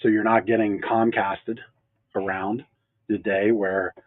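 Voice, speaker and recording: Co-hosting a casual business chat on a local show, this mattress store owner speaks at a measured pace in a lowish voice with little pitch movement. He keeps things easygoing, joking around with sarcastic asides. The audio is dry and phone-like, without echo.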